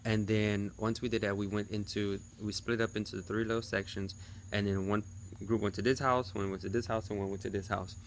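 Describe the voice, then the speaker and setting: A man's voice: lowish voice, flat delivery, brisk, a little hiss or hum. A man in his thirties chatting casually to his viewers in a vlog recap. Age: 30s. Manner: chatty, talks straight to viewers. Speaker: vlogger.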